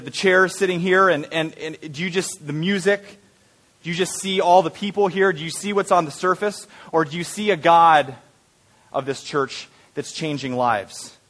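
A man's voice: high voice, a bit bright. A man leading a church service, posing rhetorical questions to a congregation and repeating words as he goes. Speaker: service leader. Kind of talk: sermon introduction.

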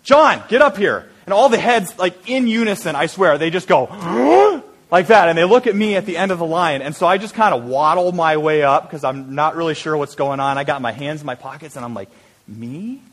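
Animated storytelling preacher. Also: male voice, on the high side, a little fast. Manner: animated storyteller, building to earnest, quiet appeals. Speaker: pastor. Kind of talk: sermon with storytelling.

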